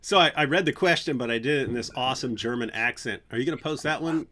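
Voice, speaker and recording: A man hosting a livestream, chatting casually in an animated, playful way and often restarting his sentences. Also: medium pitch, fast talker, slight background noise. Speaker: channel host.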